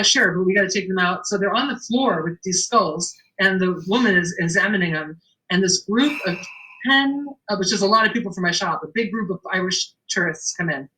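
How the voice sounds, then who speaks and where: A woman's voice: medium pitch, rough recording. A middle-aged woman, a shop owner, telling an anecdote in a casual interview, acting out the dialogue and laughing often. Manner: animated storyteller, acts out the dialogue, laughs often.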